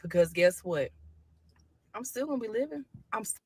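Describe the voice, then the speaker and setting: A woman's voice: mid-range voice, lively intonation, normal speed, a little mellow, husky, dry recording. Blunt, defiant woman ranting to camera. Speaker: social media poster. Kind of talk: selfie video rant. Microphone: phone with camera filter.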